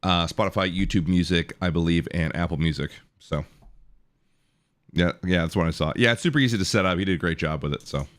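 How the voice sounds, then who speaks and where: A man's voice: sits low, brisk. A man in his thirties hosting a live stream, chatting casually, joking and thanking viewers from chat. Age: 30s. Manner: chatty, jokey, reads out chat and thanks subscribers. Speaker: livestream host.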